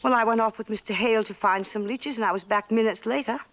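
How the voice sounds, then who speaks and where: An actress in a 1950s western playing a calm, steady woman who questions people firmly and coaxes children. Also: on the high side, fast, lo-fi sound. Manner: firm, coaxing and probing. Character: steady grown woman, calm family mainstay. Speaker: actor in a western film. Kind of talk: 1950s film acting.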